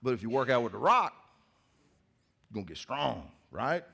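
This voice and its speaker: Middle-aged man, pastor, church sermon, casual joking storyteller, mid pitch. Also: very animated, normal speed, vocal fry, pushed and bright, slightly rough.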